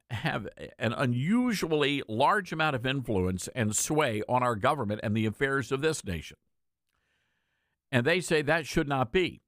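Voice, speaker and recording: A male host delivers an emphatic political commentary monologue in a conversational tone, leaning on repeated words for stress. His pitch moves freely and expressively. The sound is dry and close, with no room around it. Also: fairly bright tone, no room sound. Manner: conversational, addresses listeners directly. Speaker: talk show host.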